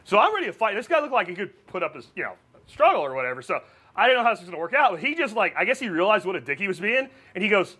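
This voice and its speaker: Lively, bright-voiced man. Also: sits high, rapid-fire, slightly rough. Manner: jokey, laughs often, tells stories animatedly. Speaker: co-host of a cooking show. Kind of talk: casual banter while cooking.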